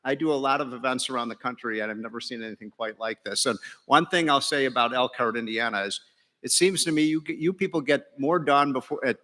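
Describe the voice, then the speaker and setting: A man's voice: mid-range voice, quick pace, pushed and bright. A middle-aged man, an economist, giving a joking, folksy speech to a large breakfast crowd, with many fillers and restarts. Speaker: keynote speaker, economist. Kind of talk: after-breakfast speech with jokes. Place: large banquet hall. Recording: reverberant hall PA.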